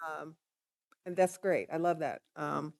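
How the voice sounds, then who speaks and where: A woman council member speaks up in a council chamber with eager, probing questions. Her voice is smooth and clear. The sound is dry and close. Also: deep voice, steady tone, a little slow, darkish tone, no echo. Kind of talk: meeting discussion.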